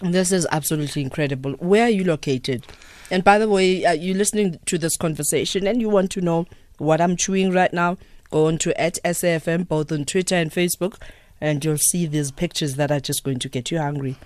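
A man's voice: on the high side, brisk, no room sound. A man hosting a radio show, chatting casually in a studio with many fillers. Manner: relaxed, filler-heavy, hums while chewing. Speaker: radio host. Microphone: studio microphone.

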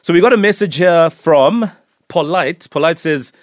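A man hosting a morning radio show, with a loud, upbeat presenter delivery. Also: on the high side, lively intonation, normal speed, no room sound, clean studio sound. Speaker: radio host.

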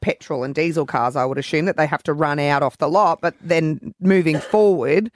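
A woman's voice: low-pitched, moderate pace, no echo, studio quality. Matter-of-fact Australian radio co-host woman. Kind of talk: casual radio banter.

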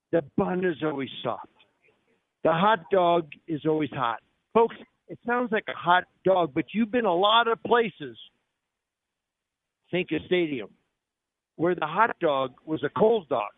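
High-voiced upbeat male radio host. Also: no echo. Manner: upbeat salesman-like delivery, jokey. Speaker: radio talk show host. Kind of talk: live radio show with promotional patter. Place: on location at a restaurant. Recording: narrow phone-like radio audio, dry.

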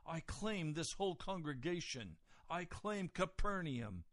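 A man acting out an indignant, territorial unclean spirit, scornful and declaiming with drawn-out exclamations. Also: on the high side, big pitch swings, pitched above the performer's own voice.

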